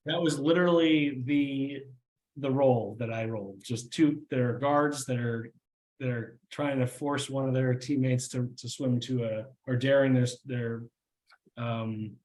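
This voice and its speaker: Young male game master, halting, filler-heavy narration, mid pitch. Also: fairly even intonation, a little mellow, a little hiss or hum. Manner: halting, many fillers and restarts.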